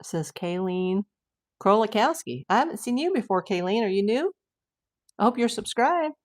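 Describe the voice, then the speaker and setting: A woman's voice: medium pitch, very animated. An older woman from the United States, hosting a casual livestream, chatting and reading out viewer messages with frequent exclamations. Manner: chatty and exclamatory, quick to say wow. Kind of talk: casual live chat.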